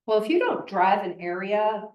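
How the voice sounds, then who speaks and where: Woman, Midwestern US accent, chatty class instructor with animated storytelling, mid pitch, echoey room. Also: normal speed, muffled recording, a little hiss or hum. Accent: Midwestern American. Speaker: real estate trainer. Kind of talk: class teaching with stories. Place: training classroom.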